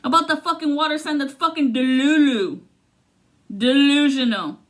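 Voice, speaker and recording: A woman giving a casual, profane tarot reading, swinging between loud outbursts and low muttering. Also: moderate pace. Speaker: tarot reader.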